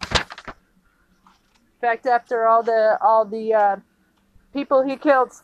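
A woman from the United States in an angry, profane political rant, indignant and halting, with many restarts. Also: fairly high pitch, fairly even intonation, clear, resonant tone, no echo, highs cut off.

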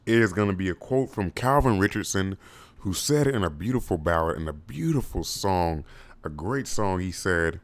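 A man in his twenties hosting a casual podcast monologue, animated and playful, with mock-preacher flourishes and sudden leaps up into high exclamations. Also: normal speed. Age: 20s. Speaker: podcast host.

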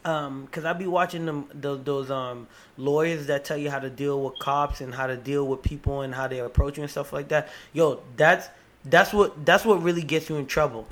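Animated, profane male podcast host. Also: a little high, moderate pace. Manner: animated, profane, restarts often. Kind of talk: casual chat.

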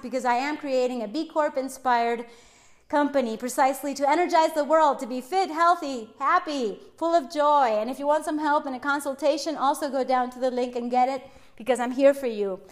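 A woman hosting her own podcast, talking alone in an upbeat, motivational and emphatic way. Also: sits high. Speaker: podcast host. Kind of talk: solo podcast monologue.

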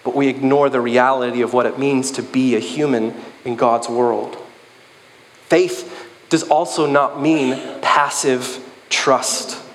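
A man preaching a sermon in a conversational, joking, animated way. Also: medium pitch, takes it slowly, in a large hall, slight background noise.

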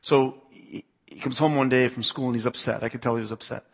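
A man's voice: mid-range voice, fairly even intonation, fairly quick, creaky, breathy edge. A youth pastor in his forties who grew up on the US East Coast, giving a talk to a church audience in a conversational manner, repeating words and asking listeners to raise their hands.

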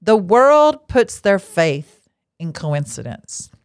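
A woman speaks slowly in a sing-song, medium-pitched voice, recorded dry with clean studio sound. Sitting at a table indoors, this podcast host and lay marriage counselor delivers a casual Christian teaching talk, frank and to the point with chatty asides.

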